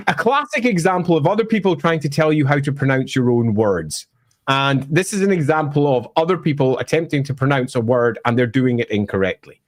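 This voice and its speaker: A Scottish man with a mid-range voice explains fantasy game lore, animated and fairly quick. As a lore presenter he's emphatic, wry and opinionated, bursting into mock voices.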